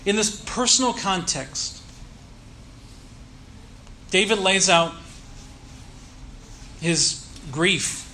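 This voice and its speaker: A man delivers a sermon in a high, bright voice, explaining scripture earnestly and slowing down to stress key words. A faint hiss of background noise sits under the recording. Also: lively intonation. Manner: earnest teaching tone with slow emphatic stresses. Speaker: pastor.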